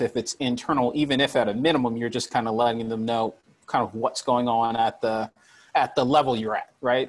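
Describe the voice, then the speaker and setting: A man with a husky voice speaks conversationally on a virtual panel, with many fillers. He is talking over a video call. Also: medium pitch.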